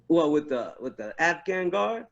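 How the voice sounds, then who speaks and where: A fairly high-voiced man tells stories from his army days in a loose, profane chat, piling on restarts as he goes. The recording sounds dull and lo-fi. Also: unhurried, gravelly. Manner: profane, animated, many restarts. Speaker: guest, army veteran. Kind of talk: casual storytelling chat.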